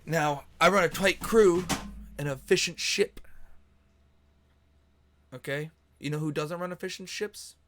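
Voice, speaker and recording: A man voicing a stern, bossy half-orc first mate who talks slow and firm. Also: on the high side, fairly bright tone, pitched above the performer's own voice.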